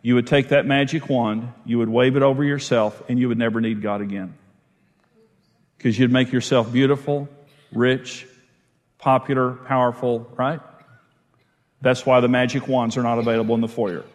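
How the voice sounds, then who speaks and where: A man's voice: medium pitch, steady tone, moderate pace, long pauses, long reverb tail. A man preaching a sermon as pastor, emphatic and repeating phrases for stress.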